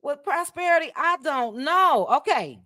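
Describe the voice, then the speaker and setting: A woman's voice: high-pitched, animated, a little slow, bright, forceful tone, no echo, studio quality. A woman with a Midwestern accent hosting a casual livestream, chatting, reading viewer comments and thanking them by name, with frequent "child" asides. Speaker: livestream host.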